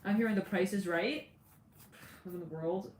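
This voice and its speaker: A woman's voice: medium pitch, normal speed, a little mellow. Woman rambling thru a tarot reading, laughs a lot, faint room hum behind her. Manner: rambling, voices quoted figures, laughs often. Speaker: tarot reader. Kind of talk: casual tarot reading monologue. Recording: echoey room with faint ambience.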